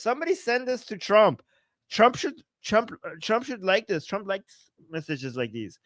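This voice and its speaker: Animated Iranian-man commenting live. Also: sits high, moderate pace, no room sound. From Iran. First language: Persian. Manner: animated, sarcastic, laughs often, reads chat aloud. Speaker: political commentator and livestream host. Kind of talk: live-streamed commentary reading the chat.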